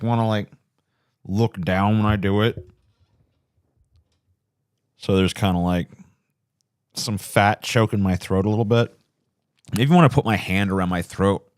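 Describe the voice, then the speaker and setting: Guy chatting on a late night stream, kinda low voice, rambly and swears a lot, puts himself down. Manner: rambling, profane, self-deprecating. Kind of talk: casual late-night livestream chat.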